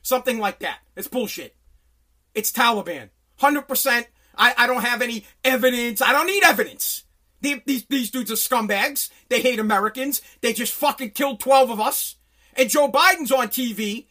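A man hosting a podcast from his home basement, delivering an angry, profane political rant that bursts into shouting. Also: very high voice, normal speed. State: sweating. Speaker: podcast host.

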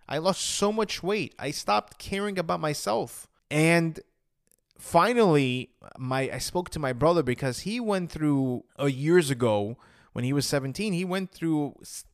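A man's voice: fairly high pitch, dry recording, clean studio sound. A man telling his own story to camera in an earnest, emotional way, often acting out what he thought back then. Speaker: vlogger sharing his personal story. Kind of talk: personal storytelling monologue.

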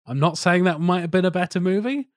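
A man's voice: sits high, fast talker, no echo, studio quality. A man hosting a casual film podcast, swearing freely and quizzing his co-hosts. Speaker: podcast host.

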